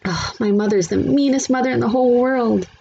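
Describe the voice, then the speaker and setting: A woman's voice: on the high side, brisk, creaky, dark tone, highs cut off, slight background noise, voice pushed up. A woman voicing an indignant fourth-grade boy who talks defensively.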